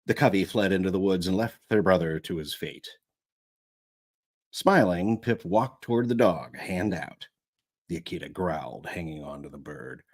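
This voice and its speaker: A man's voice: low-pitched, lively intonation, moderate pace, slightly rough. A man narrating an audiobook live, going back over lines when he stumbles. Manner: rereads lines after stumbles. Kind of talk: reading an audiobook aloud.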